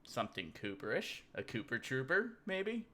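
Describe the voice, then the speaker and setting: A man hosting a loose, rambling livestream, cracking jokes as he goes through memes with a beer in hand. His voice is bright and sharp, with a chatty and offhand delivery. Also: medium pitch, very animated, moderate pace. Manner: rambling, joking, drinking beer. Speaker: livestream host. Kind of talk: casual livestream meme commentary.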